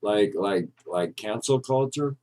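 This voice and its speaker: A man's voice: fairly low pitch, animated, slow, dark tone. A man co-hosting a podcast in casual chat, ranting and joking with a lot of swearing. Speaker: podcast co-host.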